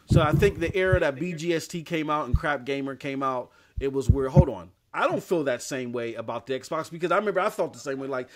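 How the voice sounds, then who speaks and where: A man hosting a casual podcast, talking loosely with plenty of swearing and laughter. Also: on the high side. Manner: profane, laughing, loose and rambling. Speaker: podcast host.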